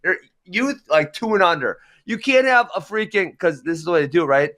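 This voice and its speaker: Man, podcast co-host, casual chat, emphatic and fired up, very lively pitch. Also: a little fast.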